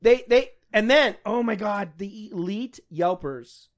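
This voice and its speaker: A woman's voice: medium pitch, a little slow. Woman, podcast co-host, casual chat, laughs a lot, trails off and restarts.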